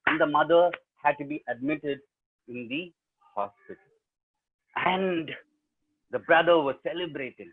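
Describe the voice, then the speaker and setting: A man's voice: fairly high pitch, slightly rough. A man with an Indian English accent telling a story animatedly to students over a webinar, quizzing the audience as he goes. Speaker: professional storyteller. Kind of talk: live oral storytelling to students. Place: remote webinar, home setup. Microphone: video call. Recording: tinny webinar call audio.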